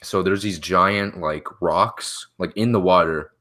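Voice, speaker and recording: A man's voice: low voice, measured pace, pushed and bright. A young man in his late teens on a casual podcast, telling a story with many restarts and fillers. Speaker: podcast co-host. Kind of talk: casual chat.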